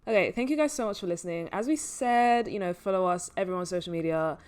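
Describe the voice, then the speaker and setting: A woman's voice: on the low side, fast, darkish tone. A woman co-hosting a casual movie review podcast, easygoing and hedging, with lots of fillers. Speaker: podcast co-host.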